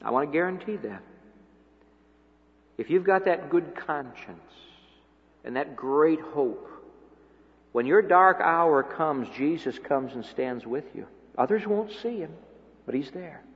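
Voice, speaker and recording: A man preaching a sermon who swings from hushed, intimate lines to loud, emphatic climaxes. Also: fairly high pitch, lively intonation, takes it slowly, pauses often. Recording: dull lo-fi audio with long hall reverb.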